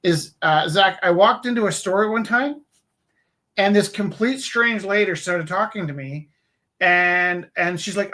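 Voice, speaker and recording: A man hosts a live art stream in a loose, rambling chat, poking fun at himself as he tells a story. His voice sits a little high for a man. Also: normal speed, sharp tone. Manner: rambling storyteller, self-deprecating. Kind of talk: casual chat.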